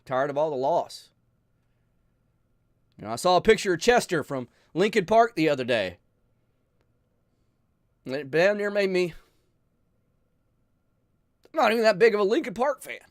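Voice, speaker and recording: A man hosting a channel, talking earnestly and emotionally to his viewers, pleading with them, sighing and pausing as he speaks. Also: sits high, sing-song, dry recording, studio quality. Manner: emotional, pleading, with sighs and pauses. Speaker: channel host. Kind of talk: earnest heartfelt talk to viewers.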